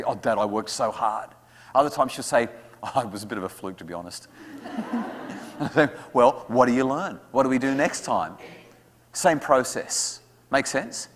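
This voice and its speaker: Man giving a talk in a reverberant hall. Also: mid-range voice. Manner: lively, acts out quotes of his kids. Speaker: speaker at a parent evening. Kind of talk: talk to an audience with questions. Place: school hall.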